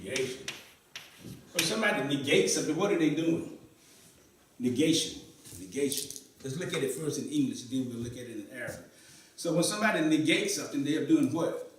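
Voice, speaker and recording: A man's voice: on the high side, animated, brisk, slight background noise. A man teaching Arabic to a class in a mosque, often asking questions and repeating students' answers. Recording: echoey room, voice from far off.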